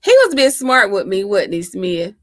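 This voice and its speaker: Here a livestream host, speaking into her laptop at home, laughs, chats and pokes fun at her viewers in a casual live session. Her medium-pitched, fairly bright voice has lively intonation and a normal speed, and the recording is studio quality without room sound.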